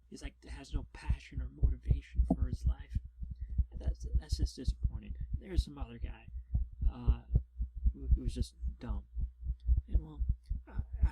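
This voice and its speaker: A man telling rambling, deadpan stories in a whispered role-play. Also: medium pitch. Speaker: ASMR storyteller. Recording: loud background noise.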